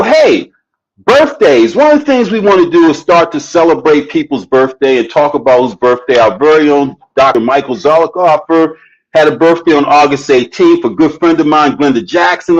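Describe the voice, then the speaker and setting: A man hosting a morning show in an upbeat, chatty way. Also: fairly high pitch. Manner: upbeat, chatty, drawn-out delivery. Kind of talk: casual live show chat. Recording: dull lo-fi stream audio.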